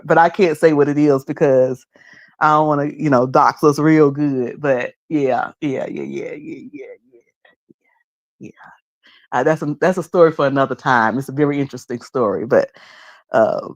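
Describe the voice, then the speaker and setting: Chatty Southern woman streamer, laughing easily. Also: low voice. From the Carolinas. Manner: chatty, laughs often, teasing mimicry. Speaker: live streamer. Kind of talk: casual chat with live chat readers.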